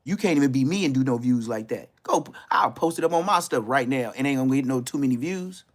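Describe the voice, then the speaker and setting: A man in his fifties from Los Angeles, with an LA accent, roasts people on a YouTube live stream in loud, mocking street talk. He's animated and talks fast, laughing often and leaping into high-pitched bursts.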